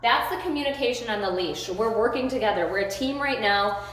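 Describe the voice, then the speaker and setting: Working with her dog on a leash, a woman narrates fairly quickly in a slightly high, somewhat bright voice. Between short bits of praise such as "good boy," she explains what she's doing to her audience. Heavy echo and faint noise fill the recording.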